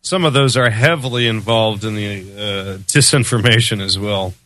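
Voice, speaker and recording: Bright-voiced man as a chatty radio guest. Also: lowish voice, normal speed. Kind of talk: conversational interview answers.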